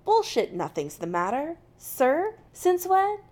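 An eager young male captain pleads and pushes in a bright, raised voice, as a woman reads him, with a gravelly rasp at the bottom of it. It is a storybook reading. His lines rise high when he presses. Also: animated, normal speed. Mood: insistent.

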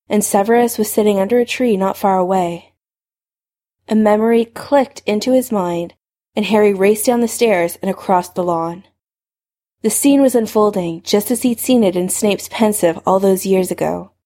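A woman narrating a fan fiction story in a steady storytelling voice. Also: medium pitch. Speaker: reader.

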